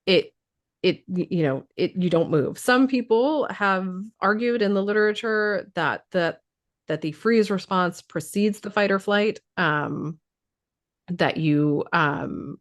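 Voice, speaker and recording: A woman who is losing her voice explains trauma responses in casual talk, thoughtful, with many fillers and restarts. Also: on the low side.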